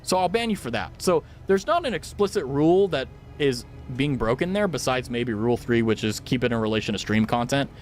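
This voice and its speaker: Animated young man telling a rambling story. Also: mid-range voice, brisk, hardly any pauses, soft background music. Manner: rambling storytelling with frequent swearing and restarts; animated, loud laughs. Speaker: streamer. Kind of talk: casual chat while gaming.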